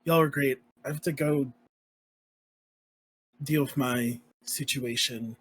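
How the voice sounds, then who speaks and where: Husky-voiced man playing a tabletop game. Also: medium pitch, fairly even intonation, slow pace, fairly bright tone. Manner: rambling, many fillers and restarts. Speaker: player. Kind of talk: casual in-character play.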